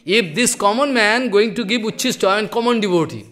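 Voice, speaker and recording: Spiritual teacher, male, high voice, fervent and repetitive sermon delivery. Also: a little fast, a bit bright. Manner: fervent, repeats phrases for emphasis; broken, simplified English grammar. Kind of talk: devotional sermon.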